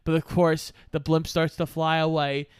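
A man joins a casual film chat with dry, sardonic jokes and casual swearing. His voice is smooth and mid-pitched. It is recorded close and dry. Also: little pitch movement, moderate pace, no echo. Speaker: podcast co-host. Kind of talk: casual movie recap chat.

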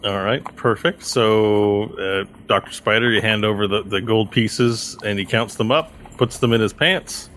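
Male game master, low voice, casual rambling narrator. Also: measured pace, hardly any pauses, a bit bright, a little hiss or hum.

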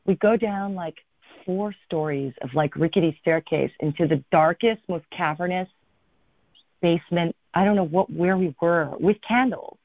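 A woman, a guest in an interview, telling a travel story in an animated way and acting out what people said. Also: fairly low pitch, normal speed, dry recording. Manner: animated storyteller, acts out quotes. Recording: thin phone-like line, dry.

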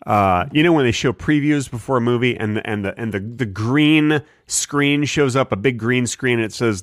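A man co-hosting a comedy podcast, telling stories deadpan and acting mock-indignant. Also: mid-range voice, moderate pace, few pauses, dry recording, studio quality. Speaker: podcast co-host. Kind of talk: casual comedic chat.

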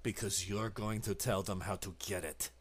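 A game master voicing a cruel, menacing man who tortures his captive, speaking low, quiet and threatening. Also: fairly even intonation, normal speed, slightly rough. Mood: cold.

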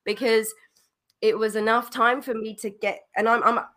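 A woman's voice: a little high, flat delivery, moderate pace, fairly bright tone. A woman guest on a podcast telling a story, chatty and full of restarts and laughter, getting over a cold. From London, England. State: recovering from a cold. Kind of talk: casual storytelling.

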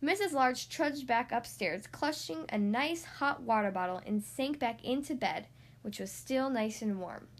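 Woman reading a kids' storybook out loud, high voice, lively. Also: unhurried. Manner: expressive, animated. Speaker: reader.

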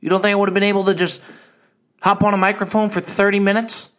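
A woman's voice: medium pitch, flat delivery, fast talker, natural voice. A man doing his brassy nagging mom. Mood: scolding. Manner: nagging, emphatic. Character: brassy retired mother scolding her son.

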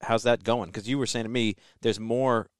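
A man's voice: medium pitch, steady tone, normal speed, clear, resonant tone, dry recording, clean studio sound. A man hosting a podcast, talking in an easygoing, chatty way. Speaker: podcast host. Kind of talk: casual podcast chat.

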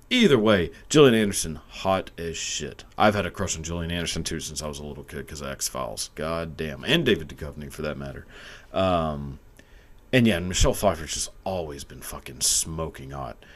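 A young man ranting crudely into his camera, rambling, swearing and breaking into laughter as he goes. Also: deep voice. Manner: profane, rambling, laughing often. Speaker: video commentator. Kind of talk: crude comedic rant. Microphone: camera mic.

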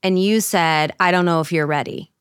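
A woman's voice: on the low side, moderate pace, clean tone, no room sound, clean studio sound. Woman playfully retelling a story. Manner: playful retelling with quoted lines. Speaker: podcast guest. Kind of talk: casual chat.

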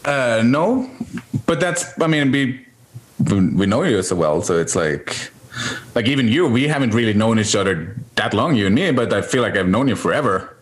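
A man's voice: mid-range voice, expressive, normal speed, a little hiss or hum. Guy on a podcast rambling along, voice swings up and down a lot, keeps laughing. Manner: rambling, self-correcting, laughs often. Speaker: podcast guest, spouse of a host. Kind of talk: casual chat.

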